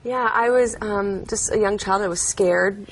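A woman's voice: medium pitch, moderate pace, slight background noise. A young adult woman, an interview guest, telling personal stories in an earnest, chatty way, with many fillers and frequent laughs. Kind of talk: interview storytelling.

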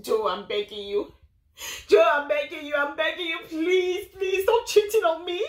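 A woman playing a desperate wife who sobs, pleads and shouts at her husband. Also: very high-pitched, moderate pace. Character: desperate begging wife, sobbing. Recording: echoey room.

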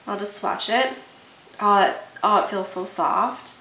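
A woman's voice: mid-range voice, a little slow, sharp tone. A young woman chatting casually about makeup she bought, gushing and enthusiastic, repeating words for emphasis. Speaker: beauty vlogger. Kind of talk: casual haul chat. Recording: echoey room with faint hiss.

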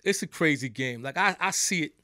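Brisk and lively, with a high, bright, forceful voice and no room sound, a middle-aged man from New York shares casual, streetwise stories as a podcast studio guest. His New York accent is clear, and he keeps asking "you know what I'm saying."

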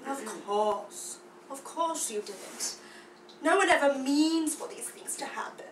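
A woman doing a sly, scheming male lion villain, with a low voice and hushed, menacing delivery. The voice is set back from the mic in a roomy, echoing space. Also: animated, slow pace, slight background noise. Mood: sinister. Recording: roomy echo, far from the mic.

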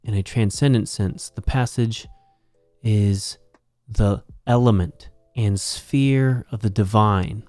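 A man teaching New Testament Greek, slowly and methodically walking through a verse as a Bible teacher. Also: on the low side, a little mellow, no echo. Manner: slow, methodical explaining. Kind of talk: Greek grammar lesson.

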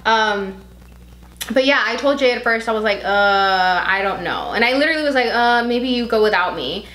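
A woman co-hosting a podcast in a casual chat, talking freely with lots of "like", emotional and quick to tear up. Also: on the high side, expressive, a bit bright, reverberant, low-quality recording. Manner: chatty, heavy use of "like"; emotional, easily tearful. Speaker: podcast co-host.

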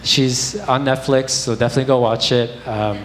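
A man's voice: medium pitch, steady tone, normal speed, a bit bright. Young male preacher, candid storytelling sermon, roomy church echo, faint noise. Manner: candid, conversational storytelling with fillers. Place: church sanctuary.

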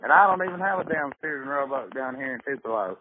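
A man's voice: medium pitch, animated, quick pace, natural voice. A man voicing an irate, stubborn Mississippi caller with a Southern accent who rambles and cusses. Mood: indignant. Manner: blustering, cussing, rambling. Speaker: prank caller. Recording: tinny phone line with faint hiss.

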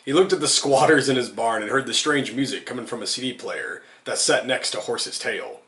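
A man's voice: medium pitch, fairly quick, a bit bright. Man reading a comic story in an echoey room. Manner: giggles while reading, amused. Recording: roomy echo.

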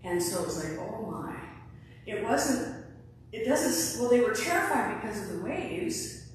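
A woman's voice: fairly high pitch, big pitch swings, a little slow, far from the mic, slight background noise. Woman preaching in an echoey church. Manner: conversational, acts out quoted lines. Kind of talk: sermon.

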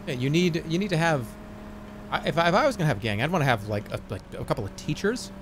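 A man's voice: on the high side, lively intonation, fast, background noise. Rambling, stammering male streamer. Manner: rambling, stammering restarts, frequent swearing. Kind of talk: casual chat while gaming.

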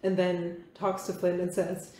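Woman podcaster with a dark voice, echoey room. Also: fairly low pitch, completely flat delivery, a little slow. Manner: chatty, laughs often, says like a lot. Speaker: podcast co-host. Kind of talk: casual chat.

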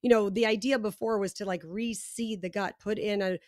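A woman from the United States speaks as a podcast guest, explaining her product with animated conviction and plenty of fillers. Her voice sits in a mid range, and the sound is dry, with no room echo. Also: medium pitch, brisk. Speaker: podcast guest, probiotic company founder. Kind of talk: casual interview chat.

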